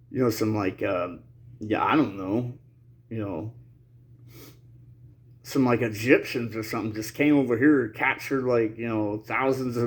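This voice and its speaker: A man rambling to his audience in a loose, slangy monologue, with nervous laughter breaking into his talk. His voice sits at an ordinary middle pitch, and he coughs now and then while getting over an illness. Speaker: channel host. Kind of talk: casual monologue to camera.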